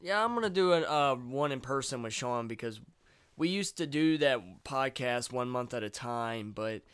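Laid-back young man, smooth voice. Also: medium pitch, animated, normal speed, fairly bright tone. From Virginia, US. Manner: laid-back, swears freely, drawls "y'all". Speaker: podcast host. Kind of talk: casual chat.

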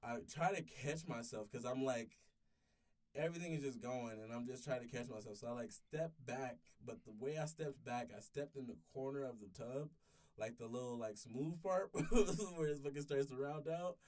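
A man's voice: medium pitch, normal speed, a little mellow, distant mic. Brief: young man in his 20s, rambling profane storyteller, voice set back from the mic. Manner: rambling, profane, with many restarts. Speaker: podcast storyteller. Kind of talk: casual storytelling chat.

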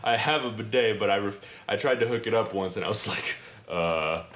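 A man's voice: lowish voice, fast talker, a bit bright. A man co-hosting a podcast, chatting casually with crude jokes and frequent laughs. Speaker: podcast co-host. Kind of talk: casual chat. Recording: echoey room, faint noise.

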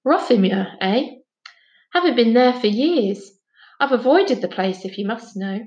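A woman reading aloud, voicing a kindly, soft-hearted Scottish father with homely phrasing. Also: on the high side, expressive, measured pace, echoey room, muffled recording. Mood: reluctant. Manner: rueful, homely Scots phrasing.

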